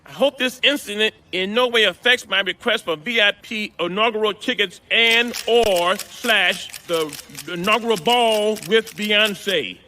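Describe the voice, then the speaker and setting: A man voicing Robert Freeman, a vain, boastful older man who calls himself a civil rights hero, in an animated comedy. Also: high-pitched, a little slow, a little hiss or hum. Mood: pompous. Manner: boastful, blustering, shouts when riled.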